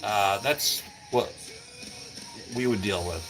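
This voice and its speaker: A man's voice: on the low side, takes it slowly, over music. A man hosting a casual livestream from a cold garage, rambling and greeting viewers by name. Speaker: livestream host. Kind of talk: casual live-stream chat with viewers.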